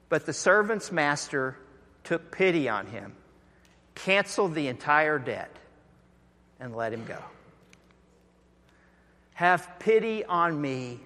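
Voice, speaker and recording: A pastor preaching a sermon, telling stories animatedly and acting out the voices of the people in them. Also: male voice, fairly high pitch, pushed and bright. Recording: echoey hall.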